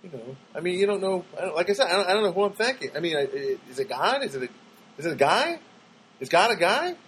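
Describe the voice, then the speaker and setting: A man's voice: high voice, quick pace, slight background noise, poor audio. A man telling a rambling comic monologue at home, stammering and restarting as he goes. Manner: rambling, stammering, animated storytelling.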